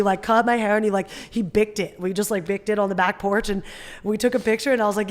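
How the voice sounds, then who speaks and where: A young woman from Northern California, a podcast guest, talking casually and acting out quotes with big leaps in her voice. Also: quick pace. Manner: animated storyteller, acts out quotes with big jumps up in pitch. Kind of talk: casual interview chat.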